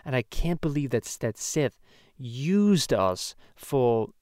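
A man's voice: medium pitch, expressive, slow pace, a little mellow, no room sound, studio quality. A man voicing a foul-mouthed cartoon baby, ranting profanely and rambling in a comedic podcast. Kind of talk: comedic podcast rant in character.

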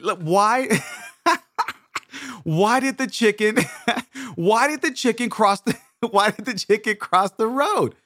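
A man's voice: a little high, animated, fast talker, no echo, studio quality, close to an everyday voice. A man voicing his older sister, who laughs through every word and keeps repeating herself while she tries to tell a joke. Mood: giggling.

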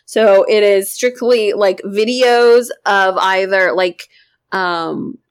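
A woman co-hosts a podcast in casual chat, her mid-range voice smooth and unhurried. She's chatty and swears freely, with lots of fillers and laughter.

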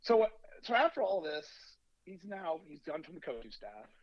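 A man's voice: a little high, moderate pace, dry recording, muffled recording. A man, a youth baseball coach, telling a long story on a podcast and acting out the lines of the people in it. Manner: animated anecdote, acting out quoted lines.

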